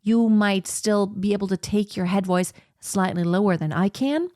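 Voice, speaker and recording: A woman teaching singing, explaining slowly and breaking into sung operatic soprano examples. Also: mid-range voice, warm tone, no echo, studio quality. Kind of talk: vocal lesson with sung demonstrations.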